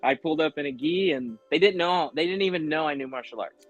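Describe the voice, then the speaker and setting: Male actor guest, animated storyteller, dry close mic, faint music bed. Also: on the high side, fast talker, no room sound, dull audio. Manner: animated, acts out quoted voices, frequent fillers. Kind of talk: casual interview storytelling.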